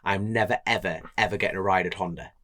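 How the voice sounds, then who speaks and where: A man's voice: sits low, fast. A young man with a Geordie accent, chatting on a podcast and telling a story while acting out the voices. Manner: animated storyteller, acts out voices, laughs often. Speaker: podcast co-host, road racer. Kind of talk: casual chat, storytelling.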